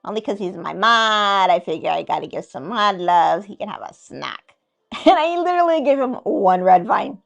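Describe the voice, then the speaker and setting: A woman's voice: medium pitch, expressive, moderate pace, creaky, a bit bright, muffled recording. A woman hosting a casual livestream chat, reading viewer comments aloud in a playful, teasing way and laughing often. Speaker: livestream host.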